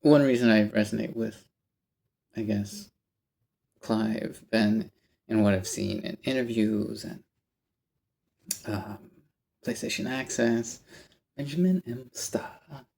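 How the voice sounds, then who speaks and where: A man's voice: fairly low pitch, slow pace, creaky, pauses often, slight background noise. A man telling a rambling story to camera in a casual vlog, often stopping to correct himself. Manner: rambling, animated, self-interrupting. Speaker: vlogger.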